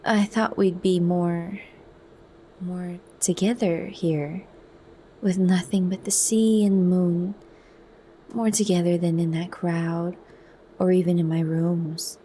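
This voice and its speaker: A woman softly voicing a brooding, bitter young man, whispered role-play. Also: fairly low pitch, little pitch movement, takes it slowly, a little hiss or hum.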